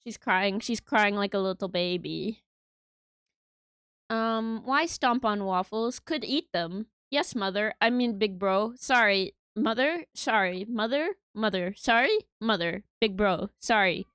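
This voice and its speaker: A streamer with a fairly bright, clean, medium-pitched voice speaks at a measured pace in a studio-quality recording with no room sound. Livestreaming at a desk microphone in a room at home, she chats casually and playfully with viewers, giggling along the way.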